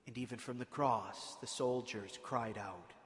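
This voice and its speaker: A man's voice: mid-range voice, measured pace, big-room sound. A man preaching a sermon, retelling scripture with dramatic emphasis and sudden rises in force.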